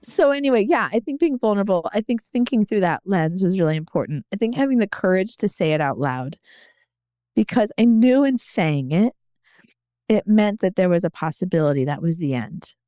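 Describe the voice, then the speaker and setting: Earnest woman sharing her story, mellow voice, dry close sound. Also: medium pitch, expressive, normal speed, dry recording. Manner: earnest, reflective, emotional. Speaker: podcast guest. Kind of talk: candid personal storytelling.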